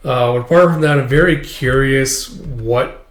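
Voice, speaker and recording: A man's voice: mid-range voice, unhurried, echoey room. A man hosting a casual read-along of a comic chapter, rambling with lots of fillers. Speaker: host.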